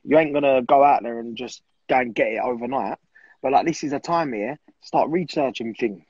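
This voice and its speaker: A man's voice: mid-range voice, a little fast, a little mellow, breathy edge, no room sound, highs cut off. A man in his twenties, a podcast guest, talking casually and bluntly with lots of swearing. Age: 20s.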